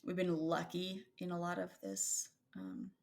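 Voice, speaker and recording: A woman's voice: fairly low pitch, very animated, a little slow, darkish tone. A woman in her thirties co-hosting a podcast, talking in a thoughtful, rambling way with many fillers and restarts. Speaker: podcast co-host. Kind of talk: casual conversational chat.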